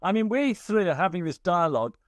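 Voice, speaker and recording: Brief: lively male guest, fairly high voice, dry close sound. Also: a little fast, dry recording. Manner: animated, laughs often, swears casually. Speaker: guest scientist. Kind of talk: casual conversation.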